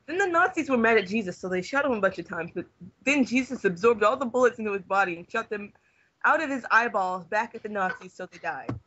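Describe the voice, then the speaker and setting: Bright young man reading deadpan. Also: high-pitched, fast, dull audio. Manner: deadpan reading, fighting back laughter. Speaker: reader among friends. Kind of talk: reading fanfiction aloud.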